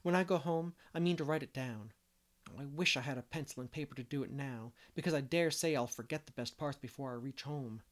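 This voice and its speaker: A man's voice: medium pitch, fairly quick, lightly acted. A man voicing an imaginative, talkative young girl who speaks earnestly and fancifully.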